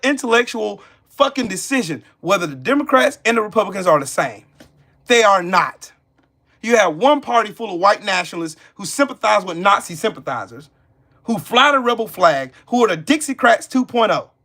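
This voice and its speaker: A Southern American man hosting a live stream, his voice bright and high for a man. He talks bluntly and profanely and hammers his points through repetition. He keeps breaking off to answer the chat. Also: creaky. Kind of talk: live stream politics rant.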